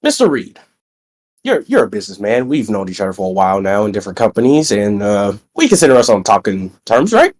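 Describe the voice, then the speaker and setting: A man's voice: lowish voice, fast talker. Hyped young man cutting a wrestling promo. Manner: boastful, lively, stretches greetings out. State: recovering from being sick.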